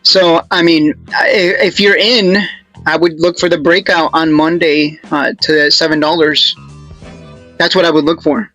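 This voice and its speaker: A man's voice: a little high, flat delivery, unhurried, pushed and bright, dull audio, soft background music. A man hosting his own channel, giving casual stock chart commentary in a rambling, joking way with lots of restarts.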